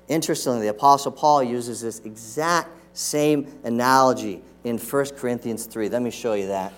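A man's voice: medium pitch, normal speed, few pauses. A middle-aged man preaching a sermon in a church, talking with his congregation through rhetorical questions and now and then acting out scolding voices. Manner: acts out scolding voices to make a point. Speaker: pastor. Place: church sanctuary.

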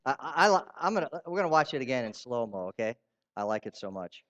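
A man preaching a sermon in a conversational way, asking his listeners questions and turning animated when he reads out quotes. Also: mid-range voice, fast, highs cut off. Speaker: pastor.

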